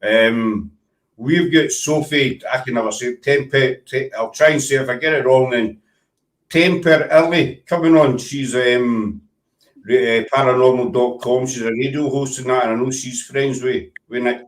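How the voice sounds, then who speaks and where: A man's voice: mid-range voice, normal speed, roomy sound, recorded from a distance, low-quality recording. A Scottish man hosting a casual video-call chat, teasing his guests. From Scotland. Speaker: host.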